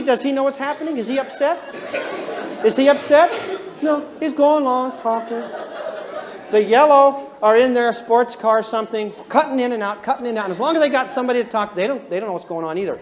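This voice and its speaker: A man teaching a class, animated and often chuckling as he talks, and quizzing his listeners. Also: very high-pitched. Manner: animated, chuckles while talking, quizzes the audience. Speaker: instructor. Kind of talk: classroom lecture.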